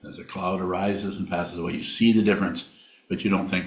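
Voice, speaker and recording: A low-voiced man teaching meditation, plainspoken and halting, often repeating a word before going on. The recording carries a roomy, echoey hall sound. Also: fairly even intonation, creaky. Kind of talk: dharma talk with questions.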